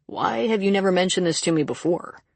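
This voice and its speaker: A reader voicing a calm, gently probing male sheriff in an audiobook. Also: medium pitch, brisk, creaky, no echo, pitched above the performer's own voice. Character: calm steady man, a rural sheriff. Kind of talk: audiobook character reading.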